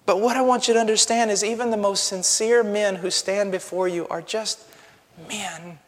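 A male pastor preaching a sermon with passion, dropping to a hush and then rising to a shout. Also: high-pitched, fairly even intonation, moderate pace, big-room sound. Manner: impassioned, swings from hushed to shouting.

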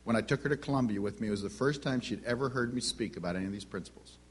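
A man's voice: medium pitch, rapid-fire, husky. A middle-aged man giving a teaching talk on Christian parenting, telling family stories and acting out the dialogue. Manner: storytelling, acts out family dialogue.

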